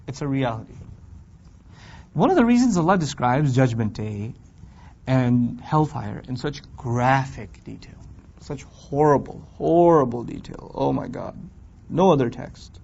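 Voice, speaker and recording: A man teaching a Quran class in a lively, conversational way, firing rhetorical questions at his students and acting out complaining voices. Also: medium pitch, a little slow, vocal fry, husky. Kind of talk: classroom lecture on scripture. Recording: dull lo-fi recording.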